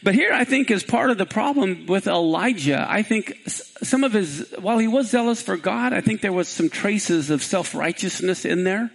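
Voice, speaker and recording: High, gravelly-voiced male preacher. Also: normal speed. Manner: animated storytelling, quoting scripture in character; drops to a lower, conversational tone for commentary. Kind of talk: sermon. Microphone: live-streamed.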